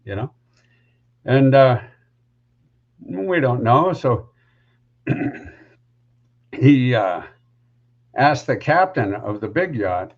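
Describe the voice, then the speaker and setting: A man's voice: medium pitch, expressive, drawn-out words, long pauses, phone-quality sound. A man who is a podcast guest, telling a story casually and rambling with lots of asides.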